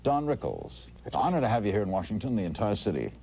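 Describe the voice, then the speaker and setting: A man's voice: fairly low pitch, very animated, fast, creaky, dark tone, breathy edge. A man hosting a call-in talk show, asking plain questions, taking callers and reading out dates. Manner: plain questioning, takes calls, reads plugs. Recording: old tape, faint hiss.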